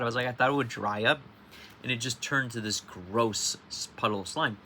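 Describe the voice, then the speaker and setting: A man's voice: mid-range voice, fairly quick, sharp tone, a little hiss or hum. A man chatting casually and rambling through a read-along, with lots of restarts and tangents, sounding sleepy. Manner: rambling, restarts often, swears in quoted outbursts. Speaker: livestream reader.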